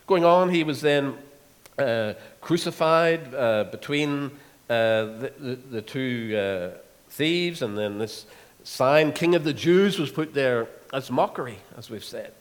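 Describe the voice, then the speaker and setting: Male preacher, earnest sermon delivery with frequent pauses, reverberant hall. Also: medium pitch. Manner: earnest, with many pauses and fillers. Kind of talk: expository sermon.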